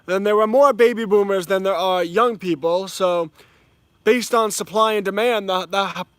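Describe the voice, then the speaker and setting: A man's voice: high-pitched, normal speed, a bit bright, clean tone, no echo. A man voicing a smug, condescending older homeowner with a put-on British accent and a patronizing, lecturing way of talking. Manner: mocking, patronizing.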